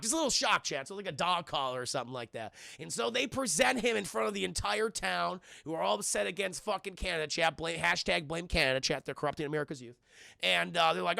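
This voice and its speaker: A young man talks through a film for his live chat, excitable and full of swearing. His voice sits high and swings widely, with a heavy gravelly fry. The sound is dry and close. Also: normal speed, dry recording. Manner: excitable, swears often, talks to chat, bursts into loud character quotes. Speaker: film reviewer streaming to chat. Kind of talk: casual live-stream recap.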